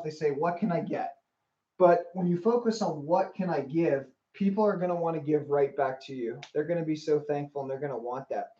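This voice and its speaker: A man's voice: a little high, mellow. A man giving a motivational livestream talk as a life coach, earnest, repeating phrases and greeting viewers by name. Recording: roomy, slightly dull livestream audio.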